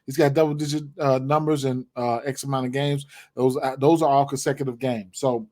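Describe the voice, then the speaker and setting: A man's voice: mid-range voice, flat delivery, fairly quick, dark tone. A man giving his sports betting picks in casual, rambling talk, full of fillers and repeated words. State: hiccups, clearing throat.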